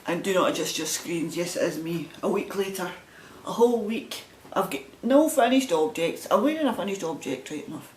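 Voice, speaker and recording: A Scottish woman chats casually on her video podcast, showing off her crafting projects in a rambling, self-deprecating, meandering way. Her darkish voice has lively intonation and a normal pace with few pauses, and the recording has roomy echo and a faint rumble.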